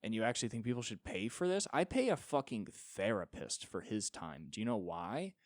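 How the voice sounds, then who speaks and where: A man's voice: on the low side, lively intonation, a little fast, no room sound, clean studio sound. A young man hosting a solo podcast, ranting with sarcasm and profanity and mocking others in put-on voices. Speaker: podcast host.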